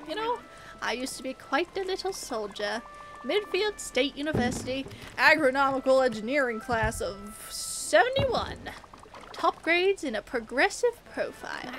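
A woman voicing a boastful, chatty old uncle frog as she reads a game aloud. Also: high voice. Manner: boastful, reminiscing.

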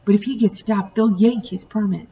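A woman voicing a steady farm father, measured and quiet. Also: medium pitch, natural voice. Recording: distant muffled home recording, faint hiss.

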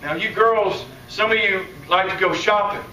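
A man preaching a conference sermon, animated and playful, acting out the voices he quotes. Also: sits high, normal speed. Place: conference hall. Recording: echoey hall, distant mic, faint room noise.

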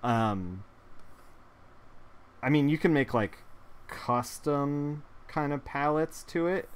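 A man's voice: fairly high pitch, lively intonation, slow pace, clean tone. A man chatting casually while painting on a live stream, rambling with lots of fillers and laughing at his own jokes. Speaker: digital artist streaming a painting session.

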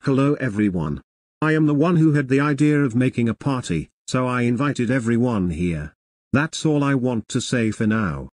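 A fussy cartoon party organizer, voiced by a man with a plain mid-pitched voice. He explains things and orders people about in a dry, close recording. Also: expressive, normal speed, darkish tone, no echo, lightly acted. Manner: explaining, bossy to guests.

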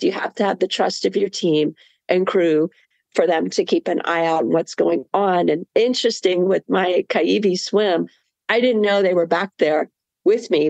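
Woman guest, lively laughing storyteller, mid pitch, dry close sound. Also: creaky, no echo. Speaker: marathon swimmer guest. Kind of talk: storytelling interview.

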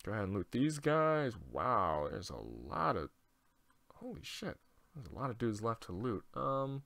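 Young male gaming host, bright, forceful voice; loose, profane, thinks out loud. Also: mid-range voice, big pitch swings, a little slow, vocal fry, no echo. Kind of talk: casual let's-play commentary.

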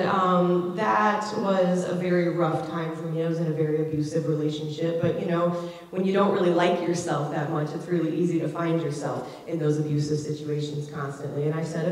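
A woman's voice: on the low side, a little mellow. A woman in her thirties from Ohio, giving a candid, reflective personal storytelling speech at a community event. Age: 30s. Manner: candid, reflective, acts out quoted voices. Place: large event hall. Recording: echoey hall with long reverb.

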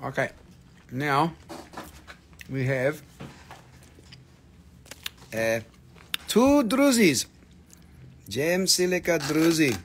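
A man's voice: on the high side, very animated, very slow, long pauses, a little hiss or hum. A man hosting a live stream crystal sale, with playful salesman patter in a put-on joke voice and some cursing. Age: adult with a daughter.

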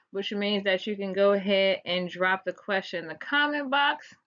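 A woman's voice: mid-range voice, bright, forceful tone. A woman with a Washington DC accent giving a casual, slangy, playful science lecture to viewers as a chatty teacher. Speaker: science vlogger teaching class. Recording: dull lo-fi recording.

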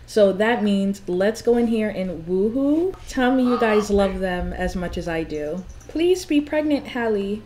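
A young woman casually commenting on a life-sim game, gushing and excitable, with big high swoops when she gets thrilled. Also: measured pace, few pauses, slight background noise. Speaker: gameplay commentator.

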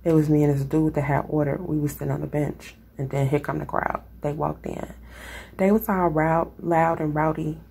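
A woman from Chicago with a Chicago accent and a raspy voice, talking casually and rambling to her viewers. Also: deep voice, little pitch movement, normal speed, warm tone. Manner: rambling, conversational, lots of fillers. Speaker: vlogger. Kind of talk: casual talk to camera.

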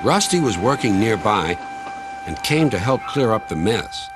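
A man's voice: on the low side, music in the background. Man narrating a children's storybook. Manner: measured, gently expressive. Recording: constant noise behind.

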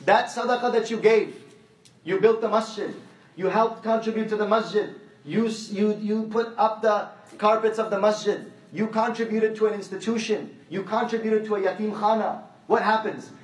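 A man's voice: high voice, fairly even intonation, moderate pace. A male preacher giving a conversational sermon, telling stories and repeating his phrases as he makes his point. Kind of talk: sermon with anecdotes. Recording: echoey hall, mic at a distance.

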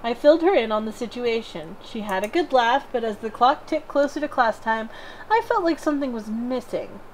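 A woman co-hosting a let's play, reading a visual novel's narration aloud with expressive lift and frequent giggles. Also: a little high, a little fast, a little hiss or hum, low-quality recording.

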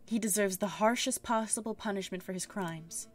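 A woman's voice: mid-range voice, moderate pace, faint music behind, close to an everyday voice. A woman voicing a vengeful young woman who speaks in a bitter, accusing way.

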